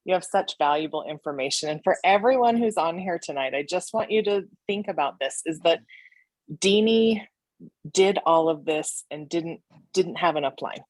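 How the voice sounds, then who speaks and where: A woman's voice: lowish voice, lively intonation, normal speed, darkish tone, no echo. A woman co-host on a video call, giving encouraging, emphatic closing remarks. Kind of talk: casual motivational talk.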